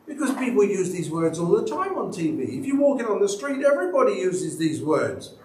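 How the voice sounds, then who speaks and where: A man's voice: big pitch swings, a little fast. Male church elder, storytelling sermon, roomy hall sound, faint background hiss. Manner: storytelling, acts out quoted people with big pitch jumps. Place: church sanctuary. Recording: echoey church hall, mic at a distance.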